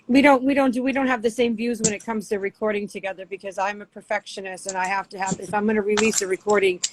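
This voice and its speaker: A woman's voice: medium pitch, steady tone, quick pace, a little hiss or hum, low-quality recording. A woman with a Boston accent, a guest artist chatting casually and rambling with lots of fillers. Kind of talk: casual interview chat.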